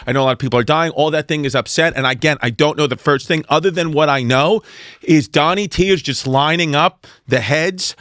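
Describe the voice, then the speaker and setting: A man's voice: on the high side, brisk, fairly bright tone, no echo, studio quality. A man with an American accent co-hosting a comedy podcast, talking in loose, crude, jokey banter. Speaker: podcast co-host. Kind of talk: casual comedic chat.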